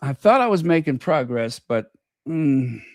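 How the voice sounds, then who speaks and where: A man's voice: mid-range voice, very animated, unhurried, a little mellow, no room sound. Man doing casual podcast commentary, folksy storyteller, dry close sound. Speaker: podcast host.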